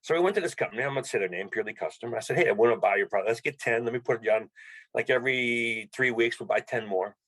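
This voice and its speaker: A middle-aged man telling animated stories as an interview guest, acting out the dialogue. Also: medium pitch, fast, slightly rough, low-quality recording. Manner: animated storyteller, acts out dialogue. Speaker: podcast guest, bike fitter. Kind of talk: storytelling interview.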